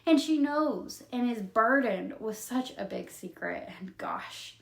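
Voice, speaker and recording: A young woman creator recapping children's books in a casual, expressive storytelling style, emotional and quick to laugh. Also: on the high side, gravelly, roomy sound. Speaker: video creator retelling books.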